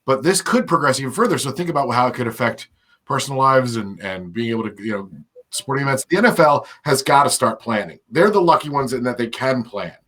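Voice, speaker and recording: A man's voice: medium pitch, fairly bright tone. A man hosting a casual podcast chat, chatty and hedging his words. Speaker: podcast host.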